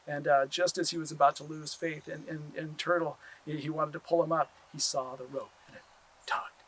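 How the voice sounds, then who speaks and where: A man tells a traditional tale aloud, stretching and repeating phrases for effect. His voice is husky and sits somewhat high, and he swings between quiet and loud. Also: poor audio. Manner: animated, repetitive, drawn-out phrasing. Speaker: storyteller. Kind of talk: oral storytelling.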